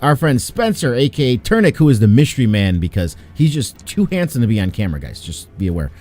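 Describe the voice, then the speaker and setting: A man's voice: mid-range voice, fast. A man hosting a tabletop game stream, his voice swinging up and down with lots of life. He jokes and laughs easily as he runs the table. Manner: energetic, laughs often, joking. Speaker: game master.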